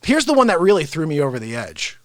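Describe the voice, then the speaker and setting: A man ranting to his live-stream audience, his pitch bouncing widely as he rambles. He addresses viewers directly. The sound is dry and close. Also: quick pace, no echo. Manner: animated, rambling, talks straight to viewers. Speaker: live-stream host and celebrity impressionist. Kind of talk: casual live-stream rant.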